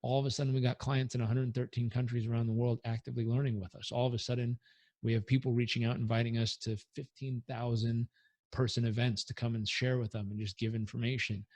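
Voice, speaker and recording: An earnest, energetic man speaks as a coach in an interview, his voice sitting at a middle pitch. The recording is close and dry, with no room sound. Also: fast talker, dry recording. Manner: earnest, energetic, leads breathing exercise aloud. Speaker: performance coach guest. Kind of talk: podcast interview answers.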